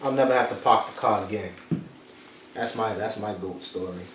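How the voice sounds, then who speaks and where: A man's voice: fairly low pitch, normal speed, recorded from a distance. A man, telling a personal story as a motivational podcast host. He repeats his key phrases like a preacher. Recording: echoey room, off-mic, faint noise.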